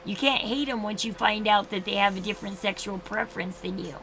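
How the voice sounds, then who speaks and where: With a medium-pitched, fairly bright voice, this woman in her thirties talks fairly quickly while hosting a casual livestream. She rambles and often starts over. There's slight background noise, and the audio is rough.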